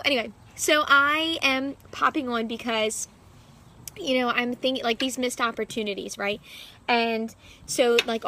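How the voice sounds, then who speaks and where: A woman's voice: fairly high pitch, pushed and bright, slight background noise. Rambling young woman vlogging in her backyard. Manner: rambling, heavy use of "like" fillers. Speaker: fitness coach. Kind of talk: casual vlog monologue. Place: backyard, outdoors.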